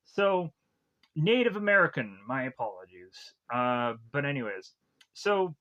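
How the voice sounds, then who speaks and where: Bright-voiced man rambling through a plot recap. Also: mid-range voice, sing-song, lo-fi sound. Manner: rambling, filler-heavy retelling with quick acted quotes. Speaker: film reviewer.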